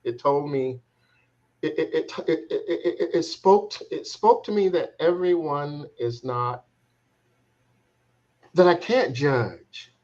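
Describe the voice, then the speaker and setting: A man working as a transformation coach, telling a personal story in a reflective, halting way, restarting phrases as he searches for words. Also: on the high side, darkish tone. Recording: slightly dull, muffled sound.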